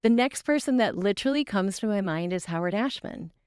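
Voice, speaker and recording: Bubbly woman with a smooth voice. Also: mid-range voice, expressive, darkish tone, no room sound, clean studio sound. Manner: bubbly, laughs often, quick storytelling. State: tired from little sleep. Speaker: guest voice actress and singer. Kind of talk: casual podcast chat.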